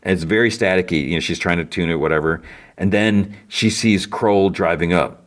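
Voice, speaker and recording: A man with a notably deep, low voice talks through a show recap in a loose, casual way. He rambles, stacks up fillers and corrects himself as he goes, like a podcast host thinking out loud. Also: moderate pace.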